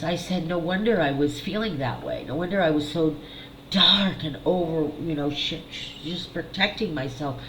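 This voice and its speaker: A middle-aged woman, a psychic healer, talking candidly and haltingly to camera in a personal video, repeating words and swearing. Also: lowish voice, echoey room, a little hiss or hum, poor audio. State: tearful at times. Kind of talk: emotional personal video monologue.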